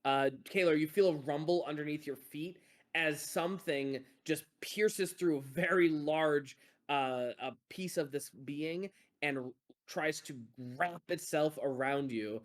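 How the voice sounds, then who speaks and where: Casual male dungeon master. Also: on the high side. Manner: relaxed, with frequent filler pauses. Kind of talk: running a tabletop game.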